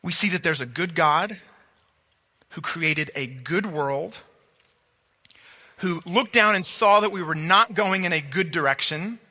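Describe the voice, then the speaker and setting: Asking his listeners whether they follow and repeating words to stress his point, a man preaches earnestly. His high, tense voice carries a sharp brightness, and the recording echoes with a large hall's long reverb.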